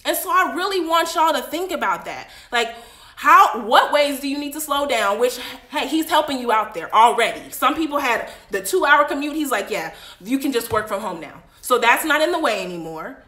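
A woman teaching a casual Bible study on a livestream, preaching in a chatty, animated way with frequent asides. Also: high voice, normal speed, reverberant.

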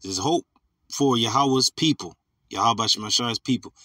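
A man teaching from scripture, reading verses slowly and then commenting in casual slang. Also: medium pitch, sharp tone, no room sound. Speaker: preacher.

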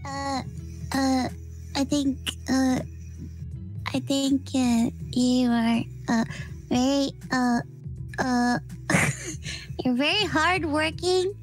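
A woman's voice: high-pitched, fairly even intonation, extremely slow, long pauses, soft background music. A young woman streaming live, chatting shyly and hesitantly with many fillers. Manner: shy and hesitant, full of fillers. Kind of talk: casual chat on a live stream.

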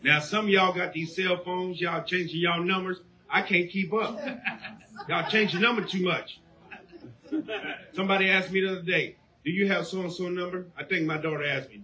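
High-voiced preacher man shouting sermon. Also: fairly even intonation, moderate pace. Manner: preaching call-and-response, rising to shouts.

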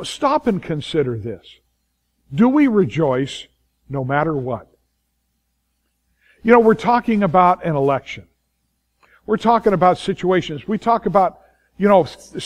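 A man preaching a sermon as pastor, emphatic and repeating his key phrases, acting out the inner voices of worried people. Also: high voice.

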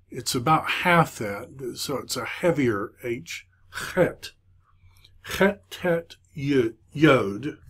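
A man teaching a Hebrew class in a recorded lecture, talking hesitantly with frequent filler pauses. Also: mid-range voice. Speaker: Hebrew instructor.

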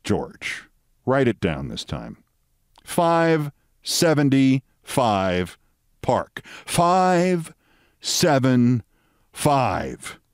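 A man's voice: mid-range voice, wildly swooping pitch, very slow, long pauses, dry recording, studio quality, full character voice. A man putting on a weary, exasperated lawyer who repeats himself with a sigh. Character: exasperated middle-aged lawyer, weary and cigar-smoking.

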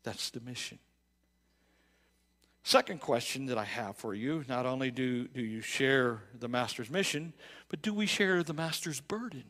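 A man preaching a sermon in a church, talking in a conversational way with many restarts and repeated words, rising to loud emphatic bursts and dropping to quiet reflective stretches. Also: mid-range voice, animated, moderate pace. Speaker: pastor. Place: church sanctuary.

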